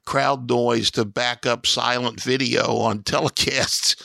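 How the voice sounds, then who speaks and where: A middle-aged man co-hosts sports radio in a gravelly, bright voice. He reminisces hesitantly, with lots of uhs. The sound is dry and close. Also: medium pitch, fairly even intonation, slow, no room sound. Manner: reminiscing, hesitant with many fillers. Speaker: radio co-host. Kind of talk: casual sports radio talk.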